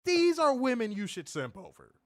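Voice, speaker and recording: Animated, profane man telling stories. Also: very high voice, normal speed, dry recording, studio quality. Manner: animated storytelling, loud bursts, profane. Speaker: co-host of a wrestling review show. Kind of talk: casual streamed chat.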